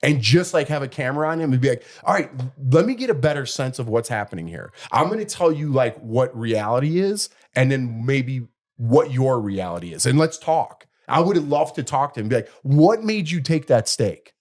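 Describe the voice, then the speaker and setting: A middle-aged podcast co-host tells a story in casual chat, acting out the people he quotes with animated flair. His medium-pitched voice is fairly quick with few pauses.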